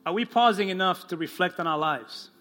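A man preaching a sermon as pastor to his congregation, slowing down and dropping his voice low for the quoted lines. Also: pushed and bright, faint music behind. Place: church in front of a congregation.

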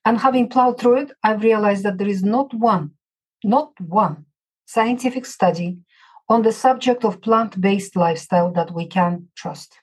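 Guest: Russian-accented woman, husky and middle-pitched, firm and emphatic. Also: unhurried, rough recording. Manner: emphatic and assertive. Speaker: guest physician. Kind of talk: interview answers.

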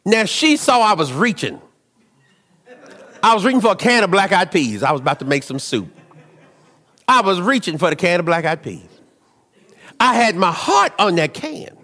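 A man preaching a sermon, telling stories in an animated way, dropping to low asides and rising to shouts. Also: normal speed, pauses often, big-room sound.

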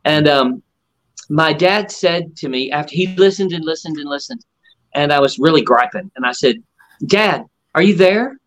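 A man's voice: a little high, normal speed, fairly bright tone, low-quality recording. A middle-aged man and ventriloquist guest, telling stories in a casual interview and acting out other people's lines with animation.

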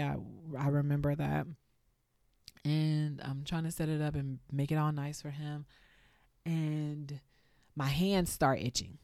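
A woman's voice: low voice, dark tone, no echo, clean studio sound. A woman in her thirties hosting a solo podcast, talking candidly and reflectively in a conversational way full of fillers. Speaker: podcast host.

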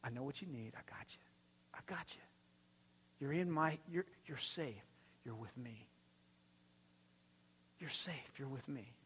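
A man preaching voices a gentle, comforting man who soothes frightened friends in a soft, hushed way. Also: mid-range voice, unhurried, pauses often, a little hiss or hum, voice pushed down, natural voice. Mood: soothing. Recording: long reverb from a large hall.

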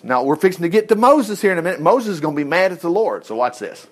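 A man teaches from the Bible, reading passages and breaking in with exclamatory asides. His voice sits high. His pitch rises and falls in wide, animated swings. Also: fast, hardly any pauses.

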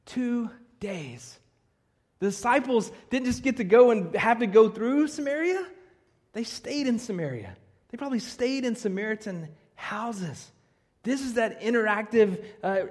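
A man preaching a sermon as a pastor, animated and slipping in jokes between his points. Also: high-pitched. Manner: animated preaching with joking asides. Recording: long reverb of a hall.

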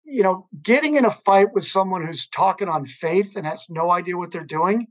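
A man's voice: high voice, moderate pace. A man hosting a podcast interview, speaking earnestly with a storyteller's repetitions. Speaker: podcast host. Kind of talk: conversational interview.

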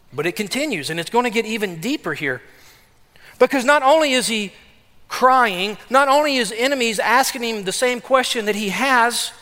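A man's voice: sits high, bright, forceful tone, long reverb tail. A man preaching a conversational sermon as pastor, acting out the psalmist's pleading words. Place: church sanctuary.

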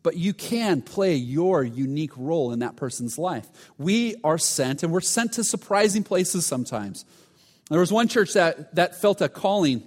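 A male pastor with a somewhat high voice, preaching to his congregation. He tells the story with restarts, then drops to a near hush at the tense moments. His voice rings with long reverb from a large hall. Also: lively intonation, moderate pace. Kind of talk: sermon.

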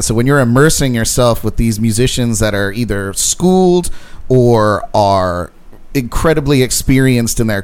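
A man's voice: fairly low pitch, clean tone. A male show host chatting casually with a guest, responding in a friendly, encouraging way. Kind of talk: casual interview chat.

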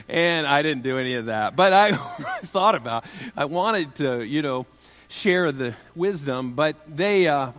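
A man's voice: on the high side, fairly bright tone, in a large hall. A pastor preaching a sermon in a conversational, humorous way, with joking asides to his listeners.

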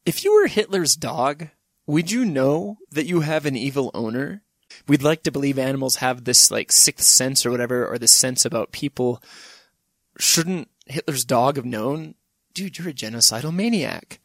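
A male podcast host who rambles from one thought to the next and laughs now and then. His voice sits in a middle pitch. It is recorded close and dry. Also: normal speed, no room sound. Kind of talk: casual chat.

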